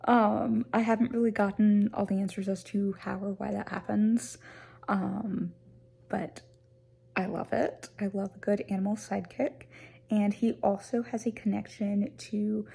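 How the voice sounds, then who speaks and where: A woman's voice: mid-range voice, flat delivery, measured pace, vocal fry, mellow, a little hiss or hum. Young woman chatting about books. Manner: reads the synopsis aloud, then chats in an upbeat way. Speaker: high school teacher and book vlogger. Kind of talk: casual book review vlog with reading aloud.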